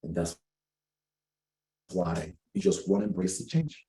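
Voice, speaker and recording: Mellow low-voiced middle-aged man, preachy. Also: takes it slowly. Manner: animated preachy storytelling, calls listeners baby. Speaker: spiritual coach and tarot reader. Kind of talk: casual tarot reading monologue. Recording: echoey room.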